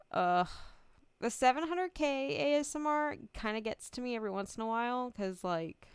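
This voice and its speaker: A woman's voice: fairly high pitch, lively intonation, moderate pace, smooth, dry recording. A young adult woman streamer chatting casually, rambling, giggling often and swearing freely. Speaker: VTuber streamer.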